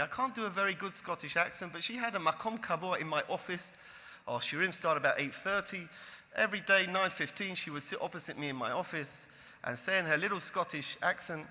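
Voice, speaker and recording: Rabbi in his 50s telling stories to a crowd, high lively voice, echoey hall. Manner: animated, building to emphatic peaks. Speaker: rabbi, lecturer. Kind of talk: storytelling talk to an audience.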